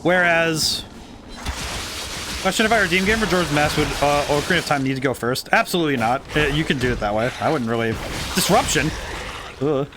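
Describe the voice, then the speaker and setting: A man's voice: fairly high pitch, animated, a little fast, noisy background. A man streaming a game, musing thoughtfully and rambling as he corrects himself mid-sentence. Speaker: game designer streaming gameplay. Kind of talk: casual livestream commentary.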